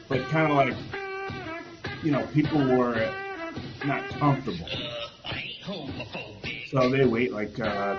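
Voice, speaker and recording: Male host, casual storyteller, meandering delivery, muffled lo-fi sound, music bed underneath. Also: mid-range voice. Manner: rambling, recounts from memory with hedges. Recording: dull lo-fi audio with music behind.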